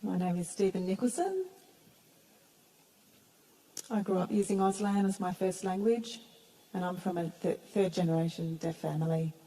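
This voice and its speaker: Woman interpreter, lowish pitch, mellow tone, matter-of-fact. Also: normal speed, pauses often, low-quality recording. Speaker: sign language interpreter voicing panelists. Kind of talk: interpreted panel talk. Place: main stage at a museum, before an audience.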